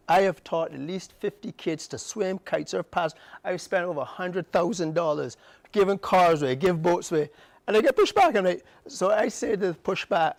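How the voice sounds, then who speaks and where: A man's voice: high voice, vocal fry, no echo. A middle-aged man with a Barbadian accent, speaking passionately and emphatically as a guest on a morning TV interview. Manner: passionate, emphatic, fast bursts with rising outbursts. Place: TV studio.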